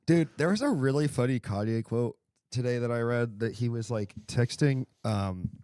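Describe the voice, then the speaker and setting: A man's voice: mid-range voice, normal speed, dark tone, dry recording, studio quality. A man hosting a casual call-in show, rambling and laughing often. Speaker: host.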